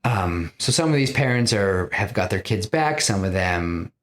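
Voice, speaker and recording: A man's voice: low-pitched, lively intonation, moderate pace, a bit bright. A man hosting a podcast, casually retelling a film scene by scene with lots of restarts and quoted lines. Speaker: podcast host pitching a film.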